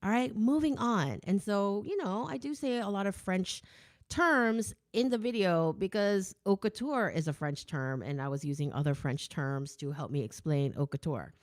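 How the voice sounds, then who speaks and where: A woman's voice: mid-range voice, animated, normal speed. An American woman hosting her own show, reading viewer comments aloud and answering them in a casual, emphatic chat full of rhetorical asides. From United States.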